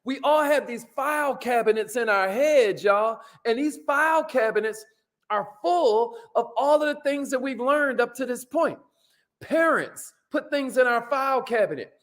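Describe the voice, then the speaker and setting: An energetic man hosts a live motivational talk, reeling off shout-outs to viewers by name between points. His voice sits high for a man, and he speaks in casual slang, hammering his key phrases again and again. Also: moderate pace. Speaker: host of a live motivational stream.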